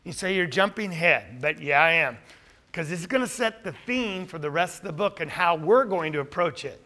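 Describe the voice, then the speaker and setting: A man with a high, bright and forceful voice is preaching a sermon. His voice is starting to go hoarse, and he talks earnestly, firing questions at his listeners and answering them himself. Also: lively intonation, brisk. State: losing his voice.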